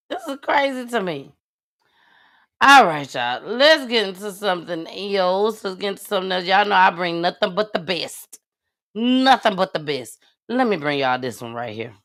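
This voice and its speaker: Woman host, blunt, bright tone, slow deliberate delivery. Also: medium pitch. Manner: outspoken, blunt and exasperated. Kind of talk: casual commentary on a live show.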